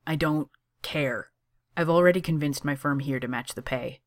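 A woman's voice: sits low, normal speed, no room sound, natural voice. A woman doing a dry, firm young man. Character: dry, fierce young man, sarcastic and steady.

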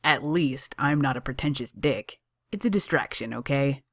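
A reader voicing a grumpy young male lawyer who talks in a slow, clipped, deadpan way. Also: medium pitch, dry recording, studio quality, natural voice.

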